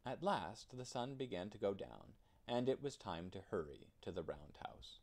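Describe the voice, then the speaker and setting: A man narrating a children's storybook in an expressive storytelling manner. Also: lowish voice, moderate pace. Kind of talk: children's storybook read-aloud.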